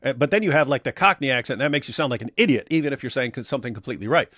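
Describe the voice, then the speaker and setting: A man in an easygoing livestream chat, riffing and laughing as he reads out viewer comments, now and then slipping into silly voices. His voice sits at an ordinary middle pitch. The sound is dry and close, with no room echo. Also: very fast. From Australia. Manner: joking, animated, reads comments aloud in put-on voices. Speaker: co-host reading live chat.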